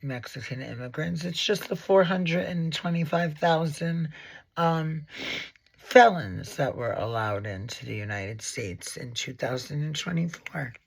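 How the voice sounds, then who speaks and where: A man's voice: a little high, expressive, measured pace, vocal fry. A man in his forties, a makeup artist and educator, giving a casual makeup tutorial in a sassy, dramatic, rambling way, with lots of asides and swearing.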